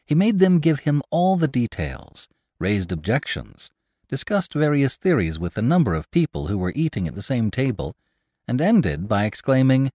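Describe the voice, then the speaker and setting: A man narrating a classic story in an expressive, scripted reading. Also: medium pitch, normal speed, dry recording, studio quality. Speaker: podcast narrator.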